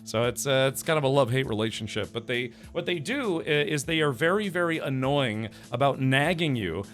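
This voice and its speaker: A man's voice: mid-range voice, animated, fairly quick, a bit bright, faint music behind. A man live-streaming a video game, chatting casually with his viewers, rambling with many fillers and restarts. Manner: rambling, chatty, greets chat by name, frequent fillers.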